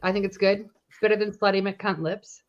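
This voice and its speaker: A woman's voice: medium pitch, fairly even intonation, fairly quick, lo-fi sound. A woman co-hosting a livestream in casual chat, joking and teasing in a crude way over a computer mic on a video call. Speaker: livestream co-host.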